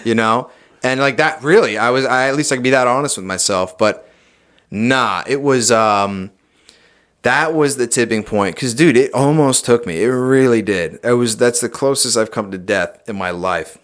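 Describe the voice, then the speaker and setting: Man, young adult, podcast guest, casual storytelling, animated, swears. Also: medium pitch, normal speed. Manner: animated, swears often, says "dude" and "like".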